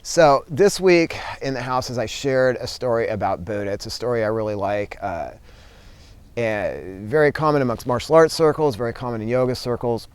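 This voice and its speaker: A man telling a story and giving advice in a casual, relaxed way, with many fillers. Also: medium pitch, moderate pace, clean tone. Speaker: vlogger and teacher.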